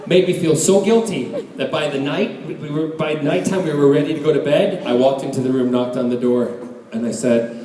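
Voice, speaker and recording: A man telling a comic story at a convention panel, theatrical and loud, often laughing. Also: a little high, brisk, background noise. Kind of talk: live storytelling on stage. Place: large convention hall. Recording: echoey hall, far mic, loud crowd.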